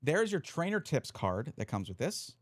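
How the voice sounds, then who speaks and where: A man's voice: fairly high pitch, big pitch swings, normal speed, no echo, clean studio sound. A man hiccuping as he chats casually on a live stream, explaining card rules while he sorts a deck. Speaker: streamer reviewing trading cards.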